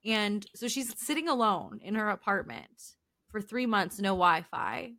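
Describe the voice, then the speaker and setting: A woman's voice: medium pitch, lively intonation, a little slow, bright, forceful tone. A young adult woman co-hosting a casual podcast chat, teasing her partner and retelling stories with lots of "like". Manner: teasing, storytelling, filler-heavy. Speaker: podcast co-host.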